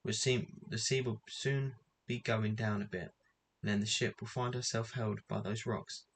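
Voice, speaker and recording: A man reading a storybook aloud, voicing a calm, sensible eldest boy who speaks in a steady, assured way. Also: fairly low pitch, moderate pace, creaky, slight background noise.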